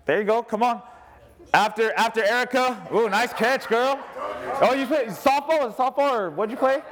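A very high male voice at a moderate pace belongs to a church speaker leading a group exercise. His manner is lively and joking, and he calls out to the crowd.

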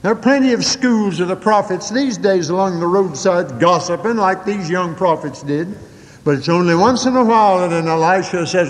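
An older male preacher delivers a sermon in a fairly high voice, swinging from quick folksy asides to slow, weighty emphasis. The recording carries a long hall reverb. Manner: folksy storytelling with dramatic swings in pitch and pace.

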